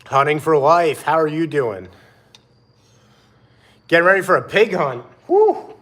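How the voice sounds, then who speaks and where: A man hosting a live stream outdoors, chatting in a relaxed way and greeting viewers by name. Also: fairly high pitch, a little slow. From Pennsylvania. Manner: laid-back, answers chat by name. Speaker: livestream host. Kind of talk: casual live-stream chat.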